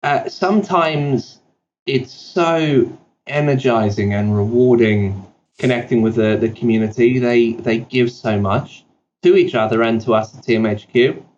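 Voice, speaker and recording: A man's voice: medium pitch, darkish tone, dull audio, slight background noise. A man from South Africa with an accent that blends British and South African, telling self-deprecating stories as a guest in a podcast interview. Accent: mixed British and South African. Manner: self-deprecating anecdotes, quick with fillers and restarts. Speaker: CEO guest.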